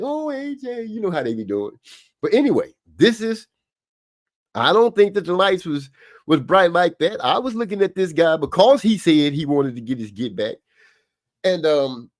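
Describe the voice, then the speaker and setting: A man hosting a live stream, giving rambling, casual boxing commentary with lots of asides. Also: sits high.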